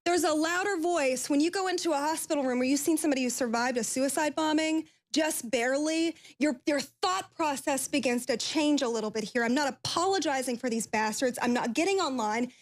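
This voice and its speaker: A woman from Kentucky speaking as a guest on a talk-show panel, tearful and angry, apologizing for yelling as she catches her breath. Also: sits high, fairly quick, hardly any pauses. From Kentucky, USA. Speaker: guest commentator.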